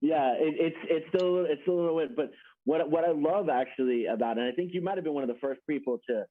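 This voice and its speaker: A man's voice: a little high, quick pace, no room sound. A man hosting a casual chat on a video call, friendly and rambling, laughing easily. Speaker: host. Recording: tinny phone-like call audio.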